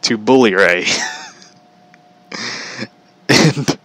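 A man's voice: fairly low pitch, animated, very slow, fairly bright tone, dry recording, low-quality recording. A man giving a casual, sarcastic rant about wrestling, laughing often as he talks. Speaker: commentator.

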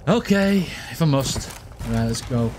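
A man giving excitable gaming commentary, shouting and laughing at the action as he plays. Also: medium pitch, unhurried, a little hiss or hum. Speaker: gaming streamer.

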